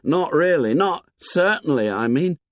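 A breathless, chattering schoolboy tumbles over his own words in a raised, bouncing voice, as a man puts him on. He rushes ahead eagerly, leaping up and down in pitch. The sound is close and dry. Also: expressive, no echo.

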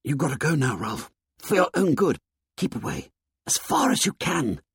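A man voicing frightened boy twins who plead in hurried, lowered voices, in a storybook reading. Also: huge pitch swings, husky, no echo, clean studio sound, full character voice. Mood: urgent, fearful.

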